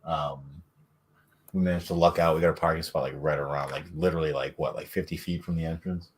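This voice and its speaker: Very deep-voiced man in casual chat. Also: fairly even intonation, a little fast, breathy edge. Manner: laid-back storytelling with frequent fillers. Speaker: podcast co-host.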